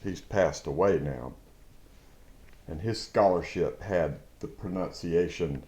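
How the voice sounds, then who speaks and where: A low-pitched man talks through a Bible passage at an unhurried pace, his tone mellow and dark. He is reflective and lingers on words, then breaks into emphatic exclamations. The room around him is echoey. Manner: slow, reflective, with emphatic outbursts. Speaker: preacher. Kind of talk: devotional Bible teaching.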